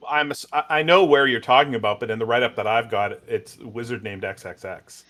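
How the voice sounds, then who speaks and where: Male player, mid-pitched, casual online game chat. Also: a little fast, pushed and bright.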